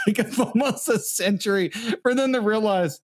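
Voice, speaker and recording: A man's voice: high-pitched, normal speed, no echo, clean studio sound. A man co-hosting a podcast in casual chat, joking, swearing and laughing as he reads facts aloud. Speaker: podcast co-host.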